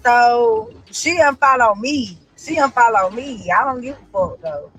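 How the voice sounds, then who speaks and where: A woman's voice: on the high side, lively intonation, unhurried, fairly bright tone, rough recording. Woman ranting on live, cussing a lot, defensive and rambly, faint music behind. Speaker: reality show personality. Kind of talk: casual live-stream rant.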